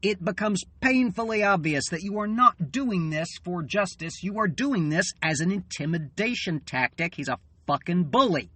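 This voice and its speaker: A man in an angry, swearing political rant, tired and fuming, halting and then bursting out loud. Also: high-pitched, animated, breathy edge, dry recording. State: weary and fuming. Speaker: channel host.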